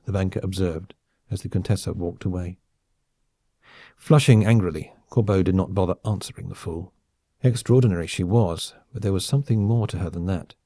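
A man narrating an audiobook in a measured, even storytelling manner. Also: low-pitched, husky, dry recording, studio quality. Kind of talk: scripted narration.

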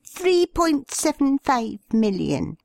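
A woman voicing a shy, large young male fan with a reedy, high voice. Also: very animated, takes it slowly, creaky, a little mellow, dry recording, full character voice. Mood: matter-of-fact.

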